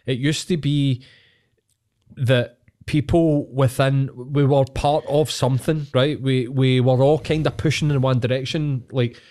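A man's voice: mid-range voice, steady tone, measured pace, dark tone. A man with a Glaswegian Scottish accent, co-hosting a podcast in casual chat, ranting heatedly and swearing a lot. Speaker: podcast co-host.

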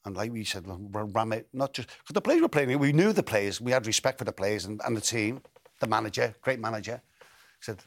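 Older man, low dry voice. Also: a little fast, dry recording. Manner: repeats words, restarts, lively anecdotes. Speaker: interview guest, former footballer. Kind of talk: relaxed storytelling interview.

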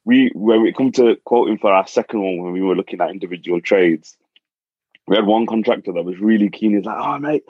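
A man's voice: low-pitched, brisk, husky, dry recording. A man tells property stories in casual podcast chat. He repeats his words as he goes and swears now and then. The recording is dry and a little muffled. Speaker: property investor guest.

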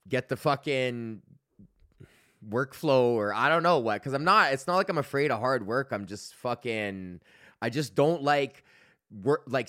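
A man's voice: mid-range voice, a bit bright, dry recording. Thirtysomething guy ranting solo on his podcast, swears a ton, lots of likes and you knows, dry close mic. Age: 30s. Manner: rambling and profane, with many fillers. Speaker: podcast host. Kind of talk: casual solo rant.

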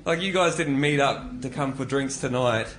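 A man's voice: mid-range voice, normal speed, noisy background. A man performing a stand-up set. He delivers wry, observational material with rising quips. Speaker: stand-up comedian. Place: comedy club stage.

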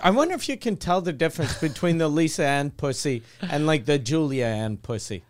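A man's voice: a little high, animated, a little fast. A man hosting a podcast in casual chat, rambling with frequent restarts and laughing asides. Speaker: podcast host.

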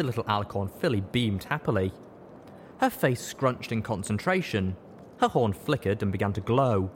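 A man narrating a fan fiction story as an audiobook reading, in a steady, expressive storytelling manner. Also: on the low side, normal speed, a little hiss or hum.

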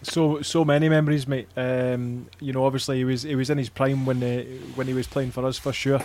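A man's voice: mid-range voice, little pitch movement, fairly quick, darkish tone, a little hiss or hum. A man on a casual fan podcast, telling stories in a chatty way, swearing freely and filling gaps with ums. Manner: chatty storyteller, swears freely, many fillers. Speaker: podcast panelist.

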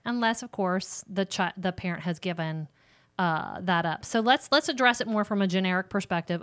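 A middle-aged woman hosting a faith-based parenting advice chat, earnest and chatty, often acting out little example conversations. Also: lowish voice.

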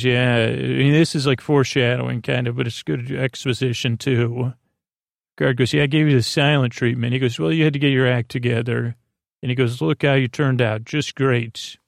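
A man's voice: medium pitch, vocal fry, dry recording, clean studio sound. A man hosting a podcast, loosely retelling a television episode with offhand jokes. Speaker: podcast host recapping an episode. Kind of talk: casual episode recap.

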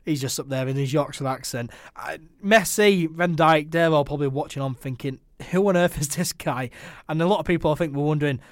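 A man hosting a casual football chat, laughing often and repeating himself excitedly. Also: on the high side, fast talker, hardly any pauses, dry recording, clean studio sound. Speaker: podcast host.

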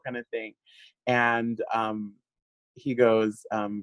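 A man being interviewed, telling a long story in an animated way, laughing often and using lots of fillers. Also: fairly low pitch, takes it slowly, no room sound, rough recording. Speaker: guest. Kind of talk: casual interview chat.

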